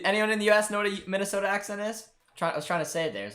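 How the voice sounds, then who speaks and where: Casual football stream host, slightly high voice. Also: male voice, very fast, fairly bright tone. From Canada. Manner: casual, rambling, chats with live chat and a producer. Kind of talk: live football watchalong chat. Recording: faint music behind.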